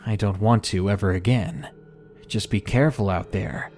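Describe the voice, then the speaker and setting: A man's voice: fairly low pitch, moderate pace, darkish tone, faint music behind. Man narrating a scary story. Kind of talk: scripted narration of a submitted horror story.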